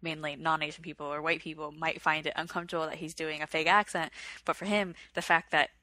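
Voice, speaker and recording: A woman's voice: low voice, level tone, quick pace, bright, forceful tone, dry recording. A woman co-hosting a podcast in casual chat, retelling stories at length in a chatty way. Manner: chatty storyteller, retells what she read at length. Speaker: podcast co-host.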